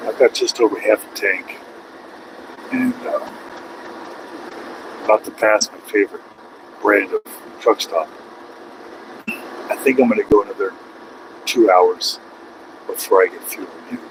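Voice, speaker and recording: A male truck driver talking casually to his viewers while he drives, chatty and quick to rant at other drivers. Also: lowish voice, big pitch swings, background noise. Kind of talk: casual driving vlog. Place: truck cab on the highway.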